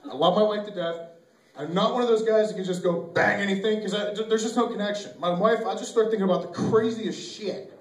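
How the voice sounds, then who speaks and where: A man performing a loose, crude stand-up routine, loud and animated, shouting out voices for the bits. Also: sits high, quick pace. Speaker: stand-up comedian. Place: small venue with live audience. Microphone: camcorder from far off. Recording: echoey amateur video from a distance.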